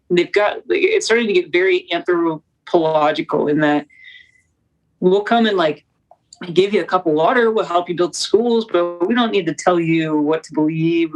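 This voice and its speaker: A young woman, a documentary producer, talking as a guest in an interview, with fast, animated, preacherly storytelling. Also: on the low side, low-quality recording. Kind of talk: conversational interview.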